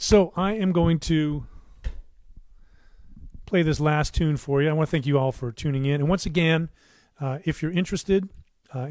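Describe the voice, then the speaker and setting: A man's voice: a little high, no room sound. Man chatting loosely on a studio livestream. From United States. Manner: rambling, warm asides, many fillers and restarts. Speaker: musician hosting his own livestream. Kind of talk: casual livestream chat. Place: his home recording studio.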